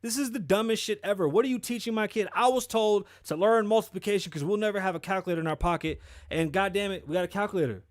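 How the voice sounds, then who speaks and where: A man's voice: high-pitched, fast talker, dry recording, studio quality. A man hosting his own show, ranting in a profane, rambling way and correcting himself as he goes. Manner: profane, rambling, heated rant with self-corrections. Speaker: show host.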